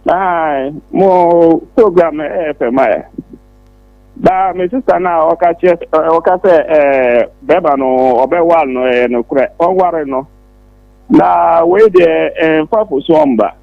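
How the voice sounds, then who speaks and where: A man phones a radio show and speaks haltingly, stopping and starting as he goes. His voice is gravelly and fairly high, dry, and comes through a dull, muffled line. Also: animated, no echo. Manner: hesitant, halting with fillers. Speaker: caller. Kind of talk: phone-in opinion.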